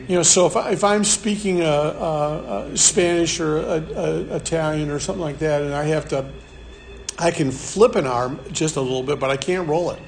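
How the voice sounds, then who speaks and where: Male Bible study teacher, fairly high voice, chatty and halting, faint hiss. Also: vocal fry. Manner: conversational, repeats words and restarts, chuckles. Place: room with a live group.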